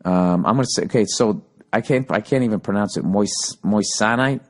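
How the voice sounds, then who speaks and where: A Boston-accented man in his forties hosts a casual solo podcast, talking fast in a lowish voice. He reads listener emails and rants, tossing in profane, sarcastic asides.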